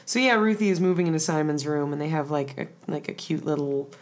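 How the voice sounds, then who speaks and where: Low-voiced chatty woman co-host. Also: quick pace. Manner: chatty, rambling, many "like" fillers. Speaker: podcast co-host. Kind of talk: casual recap chat.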